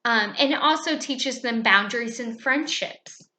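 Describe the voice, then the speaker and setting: A woman teacher calmly explaining how she runs her classroom, speaking in a measured way with frequent "um"s. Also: on the high side. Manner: calm, measured, with many fillers. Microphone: webcam. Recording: echoey room.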